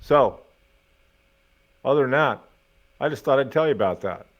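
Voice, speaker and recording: A middle-aged man, a college professor hosting his own podcast, telling casual stories in a lively way, swearing now and then and muttering to himself as he fiddles with his desk microphone. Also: mid-range voice, moderate pace, highs cut off. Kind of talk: casual storytelling monologue.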